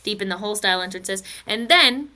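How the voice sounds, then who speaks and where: A woman's voice: medium pitch, lively intonation, fairly quick, pushed and bright. A woman teaching a recorded physics lesson, chatty and playful, slipping into silly stories and asides.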